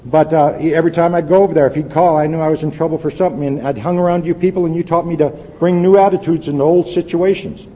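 A man in his fifties sharing a personal testimony at a recovery meeting, earnest and folksy, dropping to a quiet intensity at times. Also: a little high, steady tone, quick pace, hardly any pauses. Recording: dull lo-fi hall recording with faint hiss.

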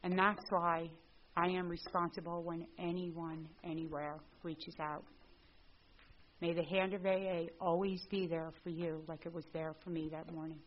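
A middle-aged woman telling her recovery story to a group. She is a lively storyteller who acts out the dialogue. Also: lowish voice, normal speed, slight background noise. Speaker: speaker at a recovery meeting. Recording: dull lo-fi recording.

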